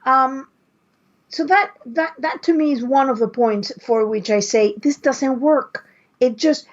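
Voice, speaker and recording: A high-pitched woman talks at an unhurried pace in a casual podcast chat. She argues her point with many restarts and pauses. The audio is dull and lo-fi. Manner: hesitant, restarts often while arguing a point. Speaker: podcast co-host.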